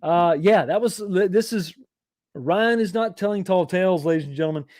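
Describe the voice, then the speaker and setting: Middle-aged man hosting a live stream; rambling, self-deprecating, slightly raised pitch, dry close sound. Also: moderate pace, a little mellow, no echo. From East Texas, USA. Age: 40s or 50s. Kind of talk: casual live chat reading comments.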